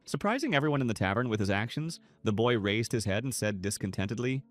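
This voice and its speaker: A man narrating a scripted story recap in a steady storytelling manner. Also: on the low side, fast, hardly any pauses, no echo. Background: soft music.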